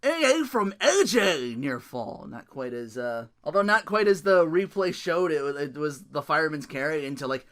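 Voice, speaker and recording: A man hosting a podcast, recapping wrestling matches in a casual, animated play-by-play, laughing often and swearing freely. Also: on the high side, moderate pace, hardly any pauses, clear, resonant tone. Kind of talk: casual solo recap with impressions.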